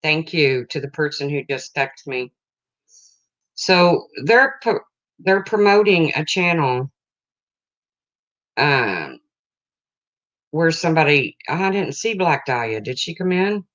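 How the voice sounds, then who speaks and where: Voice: mid-range voice, sing-song, slow, pauses often, a bit bright, muffled recording. A livestream host in casual chat, rambling and breaking off to greet viewers, emotional and close to tears.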